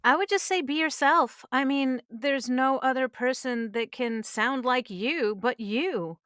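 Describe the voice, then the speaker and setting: A middle-aged woman speaks as a guest on a podcast with earnest conviction, pressing her points with emphasis. Her voice is smooth and resonant. The sound is close and dry. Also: sits high, measured pace, fairly bright tone, no room sound. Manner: earnest, emphatic advice-giving. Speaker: voice actress guest. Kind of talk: conversational interview. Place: podcast studio.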